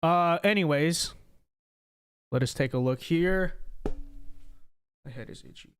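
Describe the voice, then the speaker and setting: A man's voice: fairly high pitch, slow pace, a little hiss or hum. A man hosting a casual livestream, reading super chats with stammering repeats and a frequent "okay?". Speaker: livestream host.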